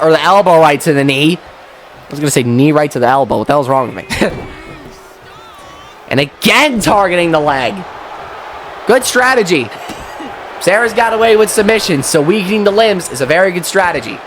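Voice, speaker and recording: A young man giving excitable play-by-play commentary on a wrestling match, with mild swearing and quick self-corrections. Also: on the high side, slight background noise. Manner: excitable, swears mildly, laughs at own slips. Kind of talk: solo play-by-play commentary of a video game match.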